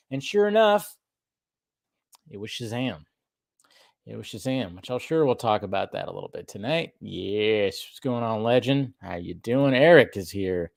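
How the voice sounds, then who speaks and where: A man's voice: lowish voice, expressive, normal speed, vocal fry, no echo, clean studio sound. A man hosting a live stream from a room at home, chatting loosely and rambling as he greets viewers by name. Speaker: host of a live drinking stream. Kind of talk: casual live-stream chat. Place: home room with a pub table.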